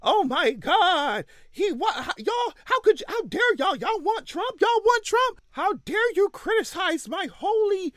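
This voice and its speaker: Sputtering, indignant loyalists, as a man mimics them. They squeal in a high, exaggerated pitch and stumble over their own outrage, and the recording sounds close and dry. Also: sing-song, measured pace, few pauses, fairly bright tone, dry recording, exaggerated voice. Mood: mocking outrage. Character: shrill outraged political loyalists, mocked.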